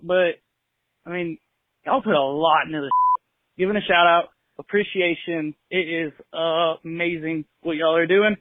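A man's voice: on the high side, normal speed. A young man from California leaving a friendly, laid-back voicemail for a podcast. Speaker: caller. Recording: tinny phone line.

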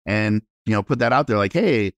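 Animated self-deprecating man telling stories. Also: fairly low pitch, fast talker, no echo. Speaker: realtor guest. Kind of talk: casual interview storytelling.

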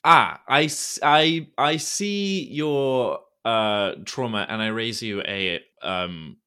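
A man hosting a podcast in casual chat, animated and quick to laugh, with hesitant restarts. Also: medium pitch, smooth. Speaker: podcast host.

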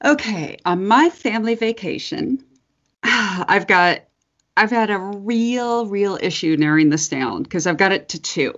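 A woman co-hosting a casual podcast chat, her voice hoarse and husky from screaming, laughing often and swearing freely. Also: mid-range voice, lively intonation, unhurried, fairly bright tone. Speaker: podcast co-host. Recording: dull lo-fi podcast audio.

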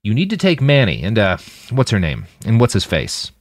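A man's voice: lowish voice, wildly swooping pitch, moderate pace, no echo, exaggerated voice. A man voicing a brash, cheerful, crude post-human fighter who barks orders flippantly. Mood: impatient.

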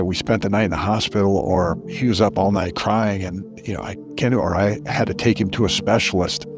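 A middle-aged man as a podcast guest, earnestly telling a personal story with reflective emphasis. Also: on the low side.

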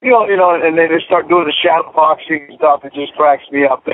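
A man in his fifties, a former football player, telling stories in a casual radio interview, animated and full of restarts. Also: a little high, brisk. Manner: animated, many restarts and fillers. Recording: tinny phone-line radio audio.

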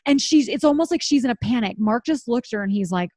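A woman's voice: on the high side, animated, fast talker, hardly any pauses, a little mellow, no echo, studio quality. A woman in her thirties telling a story in casual chat, acting out the quotes and laughing often.

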